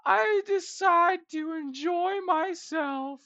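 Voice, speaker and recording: A man's voice: extremely high pitch, takes it slowly, sharp tone, no echo, highs cut off, voice pushed up, exaggerated voice. A man voicing a whiny, weepy young man to mock his friend, wailing in self-pity and drawing his words out.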